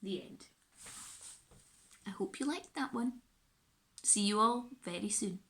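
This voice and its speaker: A woman reading a children's picture book aloud in an animated, expressive way, recorded in an echoey room. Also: mid-range voice, slow pace. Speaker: storyteller.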